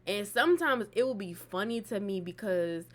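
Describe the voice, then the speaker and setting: A storytime vlogger with an expressive, mid-range voice talks at normal speed. She tells a personal story in a loose, profane way, packed with fillers.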